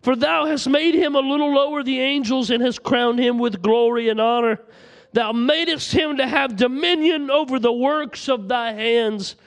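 A preacher with a strikingly high-pitched voice delivers a sermon. He speaks with passion and recites scripture at length to his congregation. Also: normal speed. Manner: impassioned, reciting scripture aloud.

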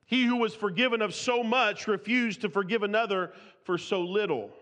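Reading scripture in old-fashioned King James language, a preacher delivers an expository sermon, often restarting sentences and repeating words when he speaks off the cuff. He talks at normal speed in a high, fairly bright voice, with long reverb from the hall.

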